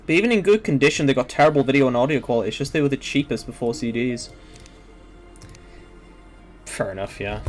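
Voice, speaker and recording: Young male streamer, loose meandering gaming chat, casual profanity, mid-pitched voice. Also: brisk, pauses often, faint music behind. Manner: rambling, filler-heavy, swears casually.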